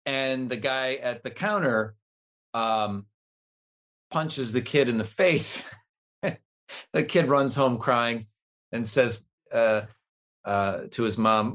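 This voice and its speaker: A man guest telling a long joke in a casual, animated way, laughing often. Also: medium pitch, slow pace, long pauses.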